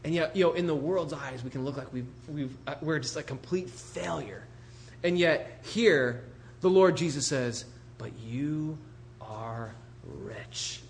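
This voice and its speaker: A man delivering a sermon in a slightly raised voice, lively and conversational. He preaches with rhetorical questions to his congregation and slips into the voices of the people he quotes. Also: a little high, normal speed, slight background noise. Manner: animated, rhetorical questions, acts out voices of others. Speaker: pastor planting a church.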